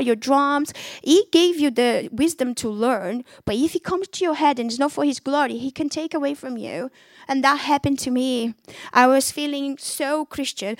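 Brief: woman, high voice, dry close sound, fervent testimony preaching, non-native English phrasing. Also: no echo. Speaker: speaker giving her testimony. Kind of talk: testimony preaching to a young audience.

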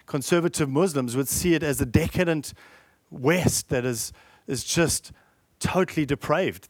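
A man's voice: on the high side, dry recording, clean studio sound. A man preaching a sermon, earnest and full of rhetorical questions.

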